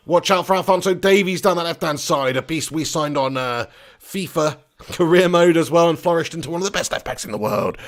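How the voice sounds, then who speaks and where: A chatty man who hosts a live football watch-along, with a slightly high voice. He rambles and banters, shifting between commentary and casual asides. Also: fairly quick. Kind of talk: live match commentary and chat.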